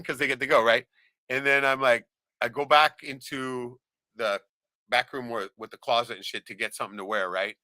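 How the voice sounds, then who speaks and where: A man telling a profane story in casual chat, animated, laughing often and acting out the voices of others. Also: mid-range voice, a little fast, dry recording, studio quality. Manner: animated, swears a lot, laughs often, acts out quoted voices.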